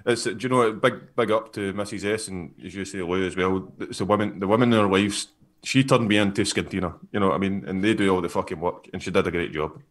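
A man's voice: deep voice, fairly even intonation, quick pace. A man with a Northern English accent in a casual live-stream chat, laid-back and sweary, often laughing. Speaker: co-host.

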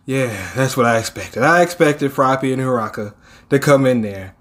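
A man's voice: mid-range voice, normal speed, fairly bright tone. A man hosting a casual manga reaction, reading panels aloud and reacting with laughs and swearing.

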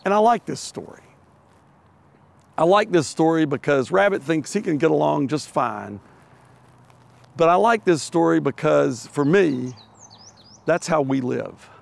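A man's voice: fairly high pitch, gravelly. A middle-aged man preaching a sermon, telling a children's animal story with playful voices before turning to its lesson. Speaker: pastor.

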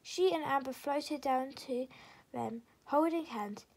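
A woman reading a children's storybook aloud in a soft, gentle, half-whispered way. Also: high voice, takes it slowly, low-quality recording.

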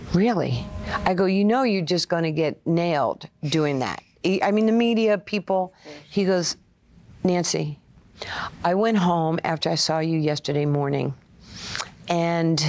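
A woman, an interview guest telling animated stories and acting out the voices of other people. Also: low-pitched, a little hiss or hum. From Brooklyn, USA. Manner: animated, acts out quoted voices. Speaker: interview guest, former player and coach. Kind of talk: storytelling interview.

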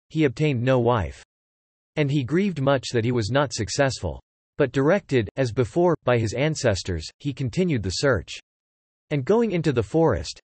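A man narrating an ancient epic in a measured, formal reading. His pitch moves in a lively, expressive way. The sound is dry and close to the mic. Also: husky, no echo.

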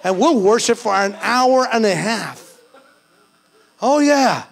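Gravelly, high-voiced pastor preaching. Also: male voice, lively intonation, takes it slowly. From Philippines. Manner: conversational, self-deprecating preaching with bursts of fervor. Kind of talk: sermon.

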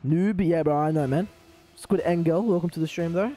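A man with an Australian accent streaming a car-ball game live, talking to chat and trash-talking opponents in excitable banter. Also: fairly high pitch, fairly quick. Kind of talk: live gaming commentary.

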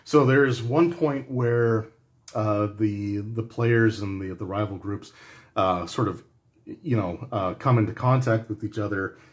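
Man, fairly low voice, casual rambling review, lots of restarts and "like". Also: unhurried. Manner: conversational, rambling with frequent restarts and "like". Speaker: game book reviewer.

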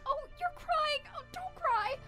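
A woman voicing a small, cheerful skeleton child in a comic fan dub, gently and persistently coaxing her sibling. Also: extremely high pitch, expressive, measured pace. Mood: comforting. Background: background music.

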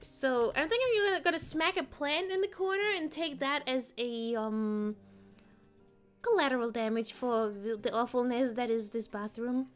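Giggly woman streamer, high lively voice, faint music under her. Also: moderate pace. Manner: playful, giggly, answering chat. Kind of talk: casual live-stream chat while gaming.

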